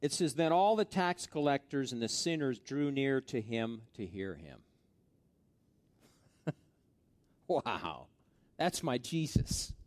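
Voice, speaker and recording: Man preaching with hushed asides and loud peaks. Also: medium pitch, big pitch swings, slow pace, long pauses, no echo. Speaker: pastor. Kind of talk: sermon.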